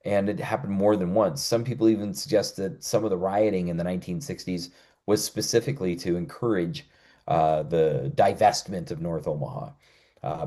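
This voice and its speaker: A man's voice: sits low, dark tone. A man hosting a history podcast, telling local history in a conversational way with frequent "uh" fillers.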